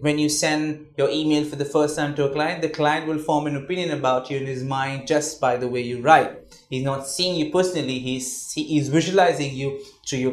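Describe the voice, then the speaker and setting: A man's voice: a little high, reverberant. A man teaching a communication class in a conversational way, often checking in with "all right?". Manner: conversational, repeats words, asks "all right?". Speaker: communication trainer. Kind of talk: classroom lecture.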